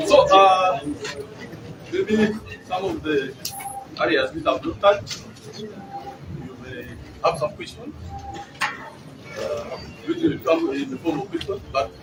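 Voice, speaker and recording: Animated Ugandan man briefing the press. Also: a little high, slow, pauses often. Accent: Ugandan English. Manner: animated, retells exchanges with voiced quotes. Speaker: by-election candidate. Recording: noisy room from far off.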